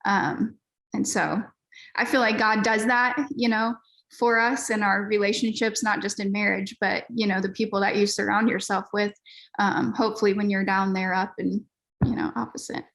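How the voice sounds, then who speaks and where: A woman's voice: medium pitch, level tone, normal speed, a bit bright. A woman pastor, a guest on a podcast, telling her story in a candid, earnest, casual way with frequent fillers.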